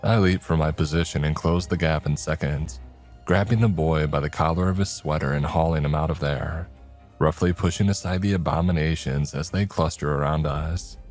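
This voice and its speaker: A man narrating a scripted horror story in a slow, measured way. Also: rumbling low, darkish tone. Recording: faint background music.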